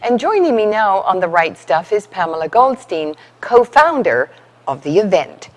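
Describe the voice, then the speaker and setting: Expressive woman TV interviewer. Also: medium pitch, moderate pace. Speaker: TV host. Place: community TV studio.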